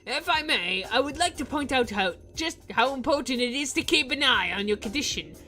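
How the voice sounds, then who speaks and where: A man's voice: very high-pitched, expressive, moderate pace, bright, forceful tone, faint music behind, pitched above the performer's own voice, heavily acted. A woman voicing a mysterious masked man in a game, speaking formally and cryptically in a theatrical put-on accent. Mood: advising.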